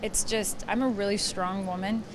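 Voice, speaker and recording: A woman in her thirties chatting as an interview guest outdoors, telling stories and acting out quotes with lively energy. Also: mid-range voice, moderate pace, background noise. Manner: chatty, animated storyteller who acts out quotes. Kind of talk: casual chat.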